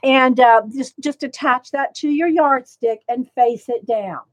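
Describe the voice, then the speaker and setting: A woman's voice: high voice, measured pace. A woman hosting a casual livestream, rambling along and greeting viewers by name. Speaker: livestream host. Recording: slightly dull lo-fi sound.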